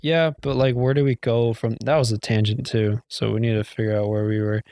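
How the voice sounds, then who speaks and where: A young man co-hosting a podcast in casual chat, rambling and swearing, mocking himself and breaking into shrill impressions. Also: little pitch movement, a little fast, darkish tone. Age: young adult. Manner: rambling, profane, self-mocking. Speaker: podcast co-host.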